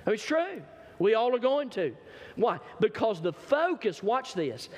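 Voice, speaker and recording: A man preaching a sermon as pastor, rising to shouted peaks and falling to low, quiet stretches. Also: sing-song, unhurried, long reverb tail. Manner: impassioned preaching, building to shouts and dropping low. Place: church sanctuary.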